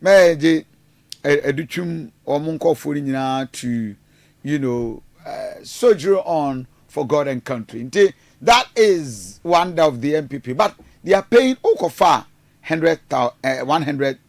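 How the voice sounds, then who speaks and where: Man, radio host, raspy and a bit high, halting with lots of "uh", dry booth. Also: animated, no echo. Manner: mixes Twi into English, many fillers and restarts. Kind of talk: radio news commentary. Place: radio studio.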